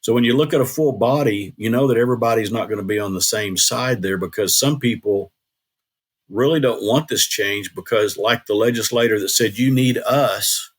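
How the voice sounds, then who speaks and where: Plain-spoken older man, low voice. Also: a little fast, slightly rough. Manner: earnest, plain-spoken storytelling with restarts. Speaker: guest, former state legislator. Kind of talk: casual interview talk.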